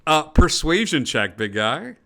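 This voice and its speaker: A man's voice: on the high side, sing-song, a little slow, gravelly, fairly bright tone. A man narrating as game master for a tabletop game over a call, descriptive and full of fillers and restarts.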